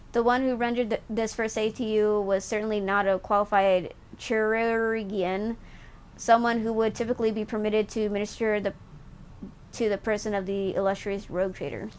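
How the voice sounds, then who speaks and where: A woman streaming a game live, reading its text aloud and breaking off to react excitedly in casual slang, with faint background noise. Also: medium pitch, rough recording.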